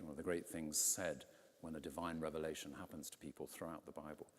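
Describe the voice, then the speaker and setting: A man, a vicar, preaching a conversational sermon from a pulpit, telling the story with lively quoted voices. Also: a bass voice, fast talker. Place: large stone church, in a pulpit. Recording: long church reverb.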